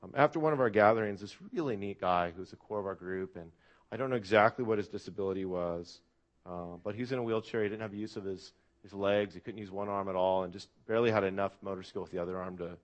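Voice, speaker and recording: A man's voice: sits low, quick pace. A man preaching a sermon to a church congregation in an earnest, reflective way. He often asks the listeners questions and uses "uh" fillers. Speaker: pastor.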